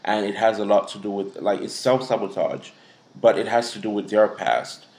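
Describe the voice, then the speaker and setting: A man's voice: fairly low pitch, moderate pace, a little mellow. A man from Africa giving a casual tarot reading to camera, blunt and profane as he scolds the viewer. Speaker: tarot reader. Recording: echoey room.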